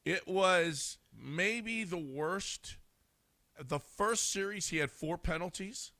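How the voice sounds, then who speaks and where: A man co-hosting sports radio, chatting excitably and tripping over his words. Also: sits high, takes it slowly, dry recording. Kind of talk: casual sports radio chat.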